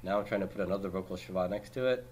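A man with a fairly low voice leads a classroom homework review, firing off questions and answering them himself. He keeps a brisk pace and drops the odd dry joke. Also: darkish tone, slight background noise. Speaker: Hebrew teacher.

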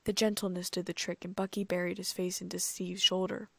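A woman narrates a fan fiction audiobook in a steady reading voice. Her delivery is flat, with a slightly gravelly edge, and the recording is close and dry. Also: lowish voice, brisk, dry recording. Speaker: audiobook reader.

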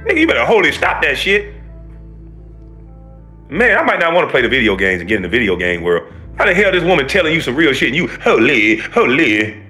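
A man's voice: medium pitch, very animated, fast, bright, forceful tone, soft background music. A man giving a heated, profane reaction commentary, ranting and preaching to his viewers.

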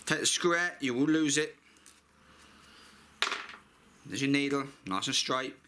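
A man's voice: medium pitch, a little slow, noisy background. A middle-aged man with a blunt, chatty manner, talking through a scooter repair in a workshop and swearing freely. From United Kingdom. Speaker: mechanic vlogger. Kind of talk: casual repair tutorial.

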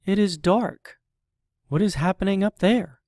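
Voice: medium pitch, unhurried, darkish tone, no room sound, clean studio sound, pitched above the performer's own voice, lightly acted. A reader putting on a small curious seed voice. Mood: wondering.

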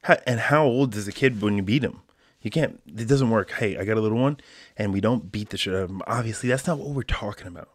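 A man with a low voice hosts a solo podcast and rants at length in loose, slangy speech, tossing in "bro." The sound is dry and close, with no room around it. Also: quick pace, no room sound. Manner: animated ranting, slangy, says bro. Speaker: podcast host. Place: home, quarantine.

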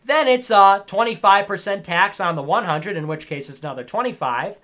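Young guy in his 20s ranting on stream, bright sharp voice, preachy and sarcastic. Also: fairly high pitch. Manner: lecturing, sarcastic, bursts into shouting. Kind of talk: ranting livestream commentary.

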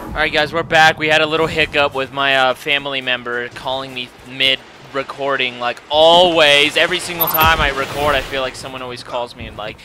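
A man giving loud, swearing live commentary while playing a shooter game, with frequent shouted outbursts. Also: mid-range voice, steady tone, brisk, few pauses, background noise. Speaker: gamer. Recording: loud game gunfire under the voice.

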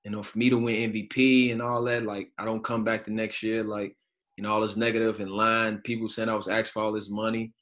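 A man's voice: lowish voice, fairly quick. A man in his thirties from Chicago, a guest telling stories in a casual, slangy, profane way over a video call. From Chicago, United States. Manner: animated storyteller, slangy and profane. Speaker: guest, professional basketball player.

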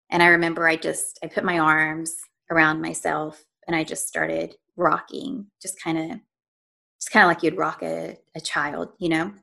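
A woman's voice: sits low, gravelly, a bit bright. A woman guest on a podcast telling a personal story earnestly and conversationally, often voicing her own inner thoughts and checking in with "right?". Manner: frequent "right?" and "you know" asides to the listener. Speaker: podcast guest, nutritionist and life coach.

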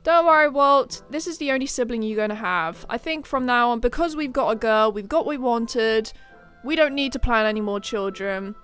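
Excitable woman gameplay commentator, fairly high voice, quick shrieks of surprise, soft music behind. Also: smooth. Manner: excitable, with sudden shrieks and exclamations. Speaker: game commentator.

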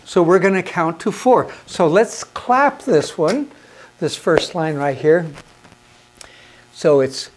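A man's voice: fairly high pitch, slow, a little hiss or hum. A man teaching hymn conducting in an instructional video, patient and encouraging, counting beats aloud and asking questions that he answers himself.

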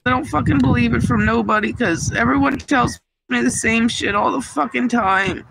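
A woman's voice: fairly high pitch, normal speed, creaky, fairly bright tone, rough recording. A woman livestreamer ranting angrily and bitterly, swearing constantly and complaining. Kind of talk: angry livestream rant. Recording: livestream clip with background noise.

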